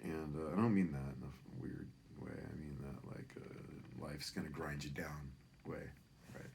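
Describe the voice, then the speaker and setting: A man's voice: extremely low pitch, unhurried, gravelly, background noise. A man in his fifties from Northern California, telling a personal story in a rambling, profane way and often tagging lines with "right?". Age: 50s. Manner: animated, profane, keeps asking "right?".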